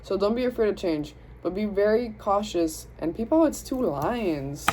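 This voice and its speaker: A woman's voice: on the low side, animated, moderate pace, few pauses, mellow, slight background noise, low-quality recording. A young woman with a Southern US accent giving a casual, chatty tarot reading, speaking to spirit and her viewers in slangy, self-interrupting talk. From Southern United States. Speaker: tarot reader.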